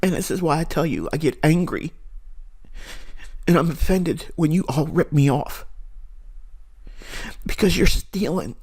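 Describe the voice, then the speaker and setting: A man's voice: on the high side, expressive, a little slow, long pauses, a little mellow, breathy edge. A man hosting a trading channel, delivering an impassioned, preachy, defiant monologue to his viewers. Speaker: forex trading channel host.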